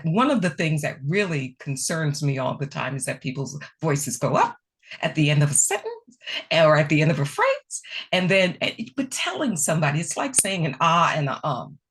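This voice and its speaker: A woman presenting a speaking workshop, answering questions in a conversational, emphatic way over a video call. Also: normal speed. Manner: conversational, animated pitch, repeats key phrases.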